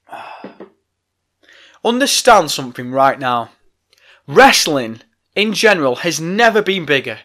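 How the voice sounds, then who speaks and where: A podcast host launches into a heated, exasperated rant full of profanity in a ranting monologue. His voice is high-pitched, bright and forceful.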